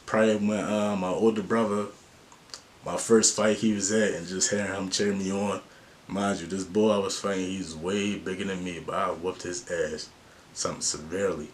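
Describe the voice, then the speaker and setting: A man's voice: low voice, a little hiss or hum. A man vlogging life advice in a slangy, earnest and open way. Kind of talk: casual to-camera talk.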